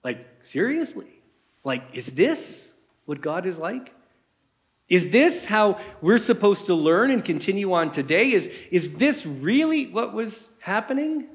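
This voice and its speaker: A man's voice: sits high, very animated, unhurried. Man preaching a casual, questioning sermon. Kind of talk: conversational sermon.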